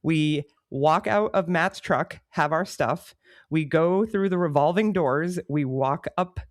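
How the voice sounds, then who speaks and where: A woman co-hosting a podcast, telling a story in a lively, self-mocking way and acting out her own past lines. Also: low voice, slow pace, no room sound, studio quality. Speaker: podcast co-host. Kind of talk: casual storytelling chat.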